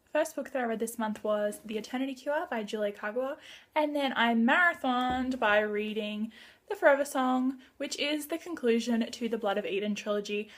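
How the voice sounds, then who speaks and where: A woman chatting excitedly through a casual book wrap-up vlog, gushing and chatty. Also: a little high, moderate pace. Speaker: book vlogger.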